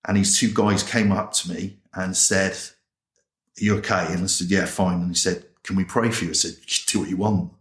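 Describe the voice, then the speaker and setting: A deep, fairly bright voice moves fairly quickly with hardly any pauses and fairly even intonation, in a reverberant space. It belongs to an English chaplain, an interview guest who tells his testimony as a colloquial, plain-spoken story and acts out remembered lines.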